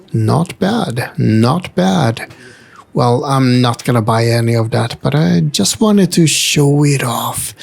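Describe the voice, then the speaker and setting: A man with a gravelly edge to his voice narrates at a relaxed, unhurried pace while walking through a retro game store. He talks in a chatty way, slipping in wry asides and gentle jokes as he films on a handheld camera. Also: medium pitch. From Sweden. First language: Swedish. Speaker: travel vlogger and host. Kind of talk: casual walking-tour narration. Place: indoor multi-floor retro game store.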